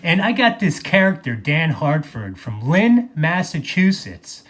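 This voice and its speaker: A man's voice: on the high side, big pitch swings, a little slow, fairly bright tone. A man delivering an angry, profane vlog monologue, mocking people and repeating phrases for emphasis. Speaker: video blogger.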